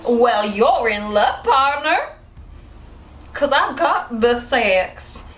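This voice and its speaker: A woman putting on a sultry, playful seductress voice, drawing out her lines slowly. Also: on the high side, lively intonation, fairly bright tone, echoey room, exaggerated voice. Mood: seductive.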